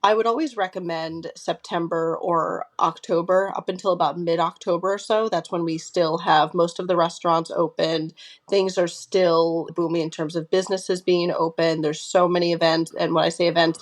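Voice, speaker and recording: A middle-aged woman with a Long Island accent talks in a slightly low voice, chatty and enthusiastic, often adding "like" and "if you will.". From Long Island, New York. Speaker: guest, magazine writer. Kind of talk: interview.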